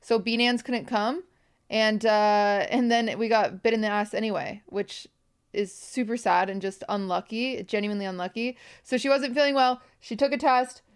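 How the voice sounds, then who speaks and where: A woman's voice: on the high side, fairly even intonation, moderate pace, smooth. A young woman streamer talking to her viewers on a livestream, tearful, rambling and apologetic. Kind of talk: emotional livestream talk.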